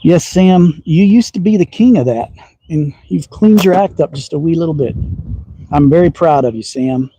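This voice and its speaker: Shooting outdoors on his backyard range, this slingshot livestream host from Texas talks casually with a slight Southern accent, teasing folksily and chuckling a lot. His slightly high voice is warm and husky at a moderate pace, recorded poorly with no room sound.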